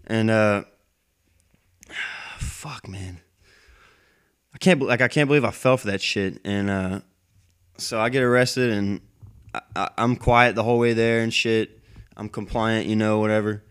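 A man's voice: fairly low pitch, fairly even intonation, a little slow, long pauses, a bit bright, smooth. A man telling a personal story into a microphone in a casual monologue, rambling and heated, cursing constantly. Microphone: plug-in microphone.

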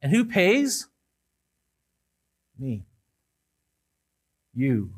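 A male pastor delivering a sermon in an earnest manner, rising for emphasis and dropping low and soft at key words. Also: wildly swooping pitch, extremely slow. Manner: earnest, rises and falls with emphasis, some restarts.

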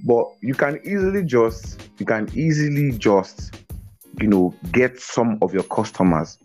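A man speaking as a guest in a casual interview over a video call, energetic, often repeating words and laughing. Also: medium pitch, unhurried, soft background music. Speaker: guest on a business podcast.

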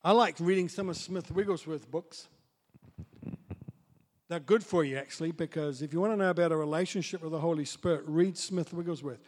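A man preaching a sermon as pastor, dropping to soft asides and building up to loud, excited storytelling. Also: on the high side, a little fast. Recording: long hall reverb.

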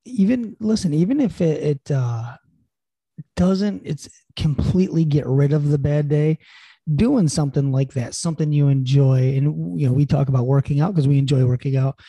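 A man's voice: a little high, moderate pace, mellow, husky, dry recording. A man co-hosting a podcast, chatting casually and earnestly with lots of "you know" fillers, encouraging listeners. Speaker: podcast co-host. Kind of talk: casual chat.

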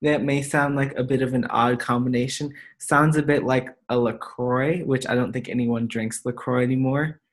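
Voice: medium pitch, steady tone, normal speed, few pauses. A young adult podcast co-host chatting casually and telling rambling stories in an easygoing way. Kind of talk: casual chat and storytelling.

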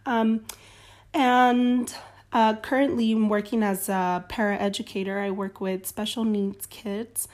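A woman's voice: medium pitch, little pitch movement, slow pace, darkish tone. A woman in her thirties, a guest on a casual podcast, easygoing and laughing along. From California. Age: 30s.

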